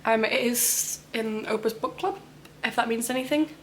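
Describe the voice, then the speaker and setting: A woman's voice: a little high, normal speed, fairly bright tone, a little hiss or hum. A young woman talking casually about books she plans to read, rambling with lots of "um" and "like". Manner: rambling, many "um" and "like" fillers. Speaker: book vlogger.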